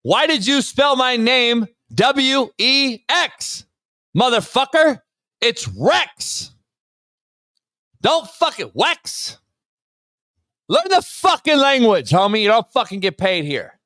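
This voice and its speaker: A man's voice: very high-pitched, very animated, takes it slowly, sharp tone, no room sound, clean studio sound, voice pushed up, exaggerated voice. A man acting out an irate man whose name keeps getting misspelled, exasperated and profane, stretching his words out.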